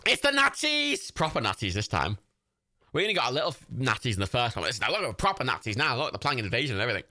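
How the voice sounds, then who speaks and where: A man's voice: mid-range voice, expressive, racing, bright, forceful tone. A man hosting a livestream watch party, giving casual, chatty commentary over a film, swearing freely and breaking into laughter. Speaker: livestream host.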